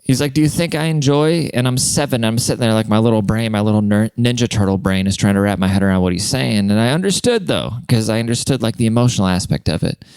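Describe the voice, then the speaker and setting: A man's voice: on the low side, fast talker, hardly any pauses, darkish tone, clean tone, dry recording. A man hosting a podcast, telling stories in a casual comedic monologue. He rambles, swears a lot, and laughs at his own jokes. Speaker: podcast host.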